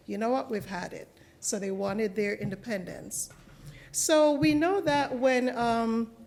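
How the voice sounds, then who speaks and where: A woman's voice: on the high side, a little mellow. Chatty woman addressing an audience. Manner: chatty, explanatory, asks the audience questions. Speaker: guest poet. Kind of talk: talk to a live audience. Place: library event hall.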